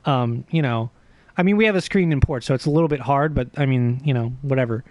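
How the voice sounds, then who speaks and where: A man livestreaming, telling a long story in a profane, animated, self-mocking way. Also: medium pitch, fast, no echo. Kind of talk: casual storytelling stream chat.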